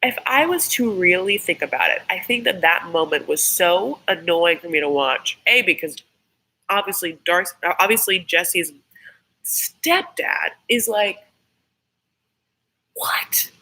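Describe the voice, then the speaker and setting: Chatty woman with a bright, forceful voice. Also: on the low side, expressive, a little slow, breathy edge, low-quality recording. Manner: chatty and rambling, swears freely. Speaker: YouTube host doing a live episode reaction. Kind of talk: casual live reaction chat.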